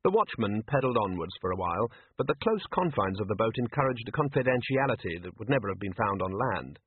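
Husky man reading a story aloud. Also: lowish voice, fast, no room sound. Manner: expressive storytelling. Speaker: audiobook narrator. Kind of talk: scripted narration. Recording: tinny phone-like line, dry.

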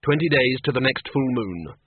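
Male narrator, husky, dry, thin phone-like sound, wry storytelling. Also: medium pitch, animated, normal speed, no echo. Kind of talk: audiobook reading.

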